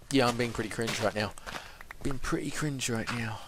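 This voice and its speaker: A man's voice: mid-range voice, moderate pace, fairly bright tone, slight background noise. A young man giving casual, rambling let's-play commentary and playfully talking to the animals and objects in his game. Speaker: gaming channel host.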